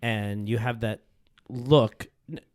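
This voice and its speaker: A middle-aged man co-hosting a podcast in casual chat, laughing a lot and quick to agree. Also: medium pitch, steady tone, a little mellow. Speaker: podcast co-host.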